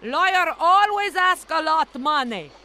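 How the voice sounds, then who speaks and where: An actress playing a blunt barge wife in a game, with a Russian accent and broken English. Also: female voice, very high voice, expressive, unhurried, bright, forceful tone, full character voice. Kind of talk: game voice acting.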